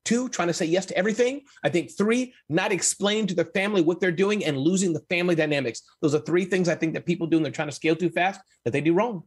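A man answering as a business guest in casual interview chat, energetic, emphatic and joking. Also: high voice, quick pace, hardly any pauses, breathy edge. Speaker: guest, entrepreneur.

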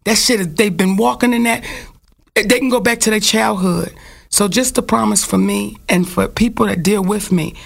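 A woman's voice: mid-range voice, fairly even intonation, moderate pace, gravelly. A woman, telling a personal story frankly and with profanity in casual talk.

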